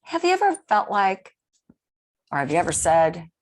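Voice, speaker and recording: A woman's voice: on the low side, wildly swooping pitch, normal speed. A middle-aged woman hosting a radio show, chatting and rambling in a casual way. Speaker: radio host.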